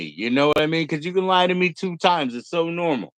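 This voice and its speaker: A man's voice: fairly high pitch, expressive, brisk, fairly bright tone, no room sound, rough recording. A middle-aged man hosting a casual livestream, rambling and swearing, mocking other people in put-on voices. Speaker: livestream host.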